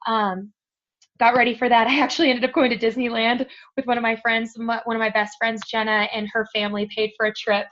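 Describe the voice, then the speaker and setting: A woman who is a podcast guest tells a personal story in an earnest way, pausing on many "um" fillers. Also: fairly high pitch, level tone, fairly bright tone. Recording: dull lo-fi audio.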